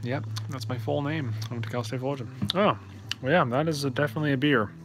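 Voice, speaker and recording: A man's voice: medium pitch, quick pace, low-quality recording. Rambling young man, music behind. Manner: rambling, offhand, self-deprecating. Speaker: vlogger. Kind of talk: casual vlog chat.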